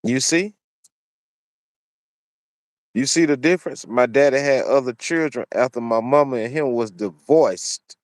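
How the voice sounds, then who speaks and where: With long pauses and a measured pace, a mid-range male commentary channel host gives opinionated commentary on his own. He repeats phrases preachily to stress his points, recorded in clean studio sound with no room sound.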